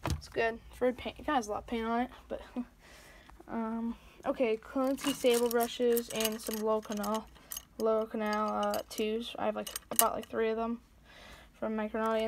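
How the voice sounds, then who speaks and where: A woman with a fairly high, gravelly voice rambles through a casual tour of her hobby workbench, full of hesitations and fillers. The recording has clear background noise and clicks from handling tools. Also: level tone, normal speed. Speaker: scale model hobbyist. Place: home workbench. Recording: noisy home recording.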